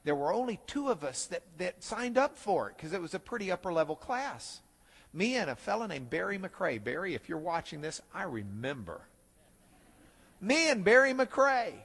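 A middle-aged man teaching a Bible class, telling a self-deprecating story in an animated way. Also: high voice, normal speed, long reverb tail. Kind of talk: storytelling lecture.

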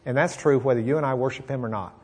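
A man's voice: medium pitch, quick pace, slightly rough. A man preaching a conversational sermon, retelling a Bible story and acting out its characters. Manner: animated storyteller, acts out characters; conversational with fillers.

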